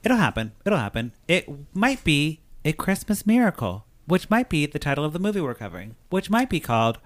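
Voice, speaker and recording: A man hosting a casual podcast about TV movies, chatty and quick with asides. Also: a little high, big pitch swings. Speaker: podcast host.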